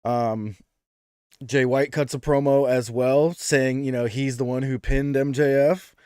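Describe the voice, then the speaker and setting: A man's voice: mid-range voice, fairly even intonation, measured pace, darkish tone, clean tone, no echo. Dry-voiced chatty male podcast host. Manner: chatty, with many "um"s and restarts. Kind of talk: casual chat.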